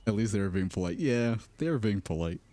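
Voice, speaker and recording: A man's voice: on the low side, lively intonation, fast, dark tone, no echo. A man streaming in casual chat, telling rambling stories and laughing often. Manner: rambling, self-correcting storyteller.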